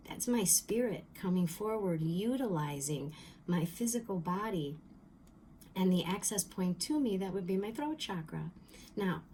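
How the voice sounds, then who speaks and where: Earnest woman teaching spirituality, soft whispers. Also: medium pitch, slight background noise. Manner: earnest and heartfelt, drops into soft whispers for emphasis; repeats phrases and restarts mid-thought. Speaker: spiritual medium.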